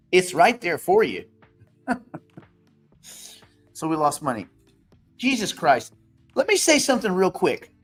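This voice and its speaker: This man talks loosely and plainly as he fields viewer questions, circling his points with fillers before landing them bluntly. His voice sits a touch high for a man, and he swears freely. Faint music plays quietly behind him. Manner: blunt and profane, rambling with fillers. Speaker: host of an investing Q&A show. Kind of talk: casual livestream Q&A.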